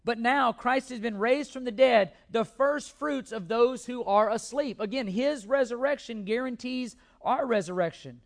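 A man's voice: extremely high pitch, moderate pace, hardly any pauses. A male pastor preaching a sermon with emphatic repetition and occasional restarts.

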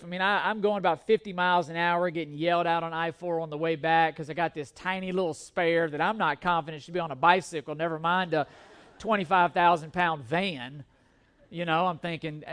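A middle-aged male pastor preaching a sermon, telling a self-deprecating personal story with animated, humorous delivery before turning to scripture. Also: sits high, normal speed, clean tone.

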